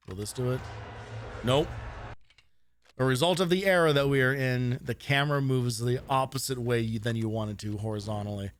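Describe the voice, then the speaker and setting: A man's voice: mid-range voice, a little hiss or hum. A man streaming a retro game and rambling through casual commentary, swearing and laughing often.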